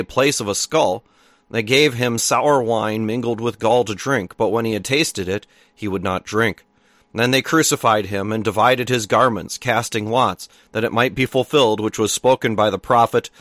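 A male pastor reads scripture and preaches in a measured, solemn cadence, now and then catching a word and correcting it. His voice sits at an ordinary male pitch. The sound is dry and close, with no room echo. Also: fairly bright tone. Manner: measured, solemn reading with small self-corrections. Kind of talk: scripture reading and sermon.

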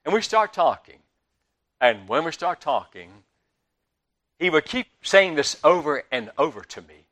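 Animated older Southern preacher. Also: male voice, fairly high pitch, a little slow, pauses often. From Southern United States. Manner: animated storytelling with big swings in loudness. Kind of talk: sermon.

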